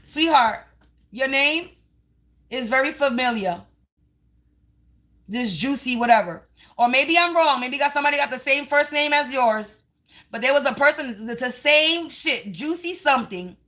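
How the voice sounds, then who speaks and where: A woman hosting her own channel, ranting loudly at viewers and trolls, cursing and calling them sweetie and honey. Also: sits high, expressive, unhurried. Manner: loud, yelling, cursing, confrontational. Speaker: spiritual channel host. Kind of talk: ranting livestream vlog.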